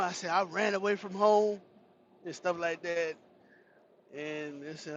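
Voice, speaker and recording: A man's voice: fairly high pitch, moderate pace, muffled recording, a little hiss or hum. A man hosting a livestream, casually telling a funny childhood story to his chat with laughter and cursing. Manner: animated, laughing, profane storyteller. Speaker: livestream host.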